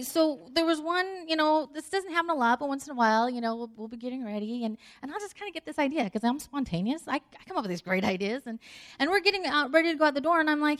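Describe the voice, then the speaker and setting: A woman's voice: high voice, animated, quick pace, a bit bright. A middle-aged woman giving a conversational sermon, telling a story with acted-out dialogue and laughter. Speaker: speaker.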